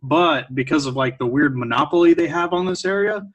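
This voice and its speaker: A man's voice: fairly high pitch, brisk. A man hosting a casual podcast interview in an easygoing way, laughing along with his guest. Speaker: podcast host.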